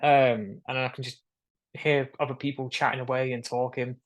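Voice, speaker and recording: A young man tells his story in a casual, animated way. His voice sits at a middle pitch. He is on a video call and jumps into the voices of the people he quotes. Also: moderate pace. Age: young adult. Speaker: guest.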